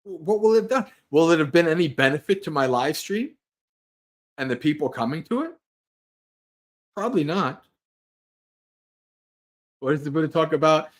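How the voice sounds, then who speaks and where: A man's voice: fairly high pitch, animated, moderate pace, pauses often. A man who is a Buddhist monk, hosting a livestream and giving a casual Dharma talk, earnest and rambling, restarting his sentences and laughing lightly.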